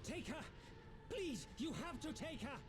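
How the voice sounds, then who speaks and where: A man's voice: very high voice, animated, measured pace, over music. An actor playing a small, elderly male mage who gives solemn, urgent commands and is stern and self-sacrificing.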